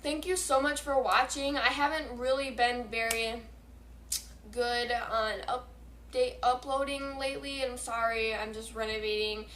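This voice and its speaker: A woman's voice: on the high side, a little slow, roomy sound, slight background noise. A teenage girl vlogging a casual storytime, swearing a lot and rambling with plenty of fillers. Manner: profane, excitable, rambling with many fillers.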